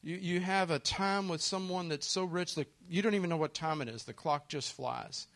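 A man's voice: on the high side, normal speed, creaky, a bit bright. A man preaching a sermon in an earnest way, often putting questions to his listeners. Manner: earnest, asks listeners questions, acts out quoted voices.

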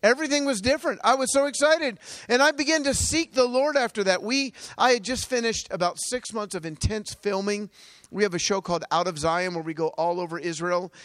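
A man preaching a testimony sermon, telling stories with energy, laughing often and swinging from loud bursts to hushed asides. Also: high-pitched, brisk, no room sound. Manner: energetic storytelling with frequent laughs.

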